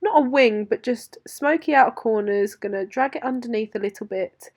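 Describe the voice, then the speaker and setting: A woman's voice: on the high side, normal speed. Chatty woman narrating a makeup tutorial. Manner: chatty and upbeat, with fillers and asides. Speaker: beauty vlogger.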